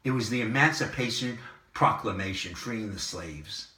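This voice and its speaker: A man's voice: fairly low pitch, moderate pace, distant mic. Emphatic man in an echoey room. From Southern California. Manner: emphatic, repeats phrases, swings loud and soft. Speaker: online commentary host. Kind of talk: impassioned monologue to camera.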